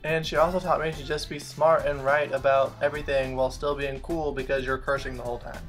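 A man's voice: mid-range voice, little pitch movement, fairly quick, hardly any pauses, soft background music. A young man hosting a comedic vlog, sarcastic and self-mocking, swearing freely. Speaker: vlogger.

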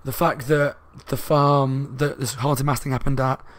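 Fast, loud-talking man reviewing a book. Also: medium pitch, steady tone, no echo. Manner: rambling, with fillers and asides. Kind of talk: casual spoken book review.

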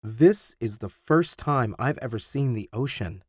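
A man's voice: mid-range voice, a little slow, slightly rough, dry recording, clean studio sound. A man doing earnest teenage boy Tim. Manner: excited, protesting. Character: teen boy Tim, earnest, easily offended.

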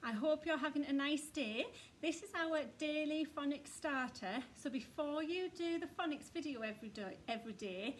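Lady teacher doing phonics for little kids, high voice, faint hiss behind. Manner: slow, sing-song and encouraging, speaking to small children. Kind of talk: phonics lesson for young children.

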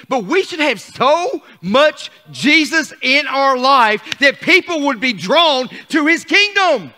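An older man preaching a fervent sermon as pastor, calling on the congregation and rising to shouts. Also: very high-pitched, big pitch swings, measured pace.

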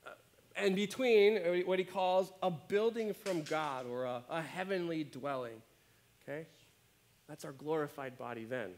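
Animated conversational pastor, man. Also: a little high, a little slow, a little hiss or hum. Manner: conversational, animated, often adds "right?". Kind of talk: sermon. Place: church.

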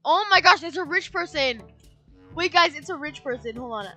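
A young woman giving casual let's-play commentary in a high voice. Her tone is bright and chatty, and she stays upbeat. Faint game music sits underneath. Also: animated, moderate pace. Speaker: gaming channel co-host.

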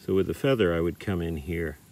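A man's voice: low-pitched, brisk. Australian man teaching massage outdoors. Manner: relaxed, chatty, with fillers. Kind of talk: casual demonstration. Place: park outdoors.

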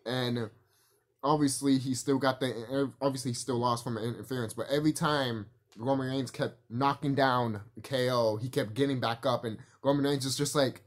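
A man's voice: medium pitch, fairly even intonation, moderate pace. A man giving a casual, profane, rambling opinion rant about wrestling, with frequent restarts and laughter. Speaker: wrestling commentary vlogger.

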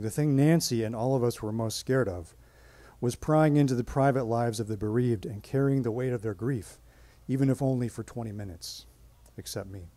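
A man performs a personal story live on stage, pacing it with measured, dramatic pauses. His voice is mellow and warm, and the sound is dry and close to the mic. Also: medium pitch, no echo.

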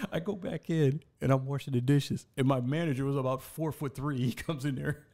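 A man telling an animated story as a podcast guest in a studio, laughing as he goes. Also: mid-range voice, quick pace, few pauses. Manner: animated storyteller, laughs through his tale. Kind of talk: casual storytelling.

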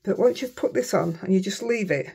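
A woman's voice: medium pitch, animated, fairly quick, gravelly, dark tone, breathy edge. A woman with a Yorkshire accent chatting casually while making cards, self-mocking and muttering to herself now and then. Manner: chatty, self-mocking, often mutters under her breath. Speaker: craft vlogger. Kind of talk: casual chat while crafting.

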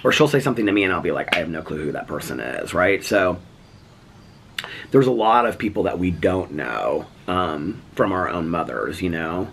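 A middle-aged man from the United States vlogging about personal loss, speaking haltingly with many fillers and close to tears. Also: low-pitched, lively intonation, vocal fry, fairly bright tone, slight background noise. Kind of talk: emotional personal vlog talk.

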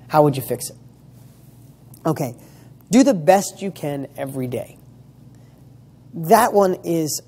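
A man's voice: a little high, dark tone, slightly rough. A middle-aged man giving a blunt motivational talk, firing off one rhetorical question after another. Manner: emphatic, rapid-fire rhetorical questions; blunt, mild swearing. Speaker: motivational speaker.

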